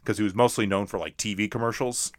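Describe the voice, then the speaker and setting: A man's voice: fairly low pitch, fairly even intonation, fast, dry recording, studio quality. A man co-hosting a casual movie talk, rambling with many restarts and fillers. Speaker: podcast co-host.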